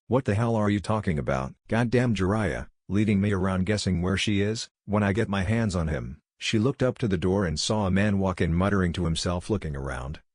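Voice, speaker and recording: A man with a very low voice reads a fan-fiction story aloud at an even, unhurried pace. The sound is dry and close, with no room around it. He reads every character in the same voice. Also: slightly rough, dry recording. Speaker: narrator. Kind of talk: scripted fan-fiction narration.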